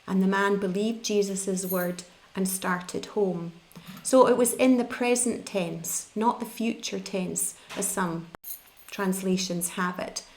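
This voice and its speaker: A woman's voice: medium pitch, slow, a little mellow, slight background noise. A middle-aged woman from the UK preaching a sermon, explaining scripture in a conversational teaching manner.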